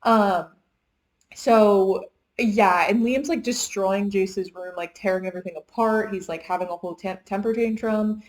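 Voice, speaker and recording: Casual young woman book reviewer, middle pitch, rambling plot recap. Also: fairly even intonation, a little slow, poor audio. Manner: chatty retelling, heavy use of "like". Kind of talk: casual chat.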